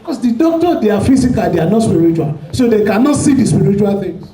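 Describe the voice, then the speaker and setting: Very high-voiced man preaching fervently. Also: expressive, fast, reverberant, low-quality recording. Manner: fervent preaching, shouting prayer declarations. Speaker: pastor. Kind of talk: sermon. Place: church hall.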